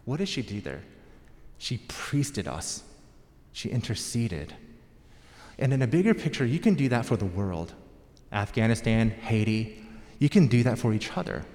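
Storytelling preacher in a reverberant hall. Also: male voice, lowish voice, sing-song, a little slow, pauses often, a little mellow. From United States. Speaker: pastor. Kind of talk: sermon.

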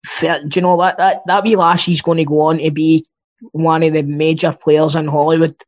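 Chatty Scottish man, slightly high voice. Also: flat delivery, normal speed. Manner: chatty, rambling, swears freely. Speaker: podcast co-host. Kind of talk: casual chat. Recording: dull lo-fi sound.

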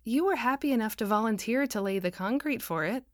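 A prim, disapproving woman, as a reader voices her keeps a studiously neutral tone. Her storybook voice stays cool and measured. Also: on the high side, expressive, no room sound, clean studio sound, pitched above the performer's own voice, close to an everyday voice.

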